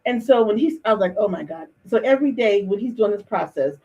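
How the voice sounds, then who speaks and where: Fast-talking husky middle-aged woman host. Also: mid-range voice, expressive, warm tone. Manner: talkative, with frequent restarts and storytelling. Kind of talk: casual interview chat. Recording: dull lo-fi stream audio.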